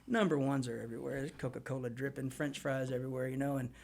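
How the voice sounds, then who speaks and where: A man from Texas, a guest musician telling a long rambling story in a casual, animated way on a radio show. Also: medium pitch, quick pace, gravelly.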